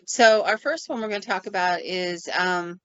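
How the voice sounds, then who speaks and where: A woman, a paranormal investigator, telling stories in a casual podcast chat and acting out sounds and quotes with lively flair. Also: lowish voice, normal speed, smooth, dry recording. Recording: dull, dry lo-fi recording.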